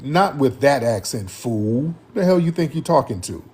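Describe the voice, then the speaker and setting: A man's voice: medium pitch, sing-song, measured pace, few pauses, a little mellow, slightly rough. A man hosting a live-stream commentary show and taking callers, talking in an emphatic, repetitive, slang-heavy way.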